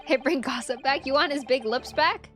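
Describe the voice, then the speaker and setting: Excitable young woman streaming a game. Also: high-pitched, normal speed. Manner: excitable, exclamatory. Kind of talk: live gameplay reaction. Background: faint game music.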